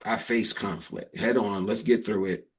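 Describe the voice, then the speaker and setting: A man's voice: on the low side, fairly even intonation, moderate pace, breathy edge. A married man on a discussion panel, speaking bluntly and explaining his point through acted-out examples.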